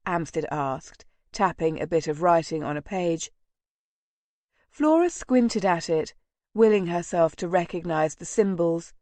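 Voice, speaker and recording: Female audiobook narrator; soft, measured, very unhurried delivery. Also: fairly low pitch, expressive, no echo.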